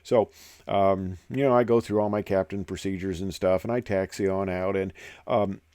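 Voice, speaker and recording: An older man with a low voice tells career stories in a loose, rambling way. He drifts off topic, uses lots of fillers and doubles back. The sound is dry and close, with no room echo. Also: fairly even intonation, normal speed, dark tone, clean tone. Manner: rambling, many fillers and digressions. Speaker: retired airline captain telling stories. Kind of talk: casual storytelling.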